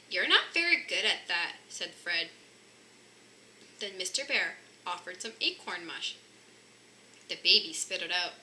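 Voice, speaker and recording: A woman whose voice sits on the low side reads a picture book for children, bringing energy to it and lifting her tone whenever the bear cubs speak. There's slight noise in the background.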